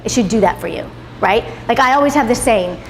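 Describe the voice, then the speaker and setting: In a salon within a roomy hall, a woman in her thirties leads a motivational class, speaking emphatically, swearing freely and closing points with "right?". Her fairly high voice is expressive and a little fast. The room is reverberant, with faint background noise.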